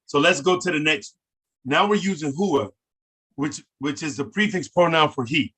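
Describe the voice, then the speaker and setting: A man teaching a casual language lesson, who repeats words slowly and overstresses sounds for learners to copy. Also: on the high side, pushed and bright, husky.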